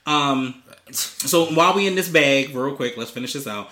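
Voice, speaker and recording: A man's voice: mid-range voice, normal speed, bright, forceful tone, roomy sound. A man co-hosting a casual podcast in a basement, reading news headlines and adding profane asides. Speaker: podcast co-host. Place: basement studio.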